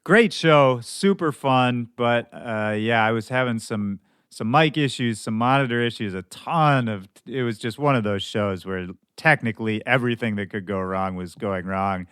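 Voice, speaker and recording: Hoarse guy doing a casual podcast intro, mid pitched, dry close mic, talks loose and blunt. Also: normal speed, hardly any pauses, a bit bright, no echo. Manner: candid, loose and conversational, with some swearing. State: hoarse from shouting at a show. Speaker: podcast host.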